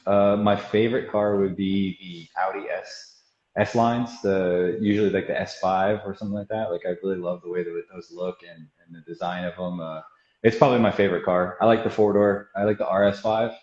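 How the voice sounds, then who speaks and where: This man, a guest auto body technician, laughs a lot while telling loose, rambling shop stories in a casual storytelling chat. He speaks a little fast in a low-pitched, darkish voice with fairly even intonation. The sound is roomy, dull and lo-fi.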